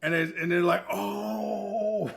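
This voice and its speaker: A man's voice: a little high, brisk, a bit bright. A man co-hosting a podcast in casual chat, telling crude, rambling stories with many restarts. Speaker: podcast co-host.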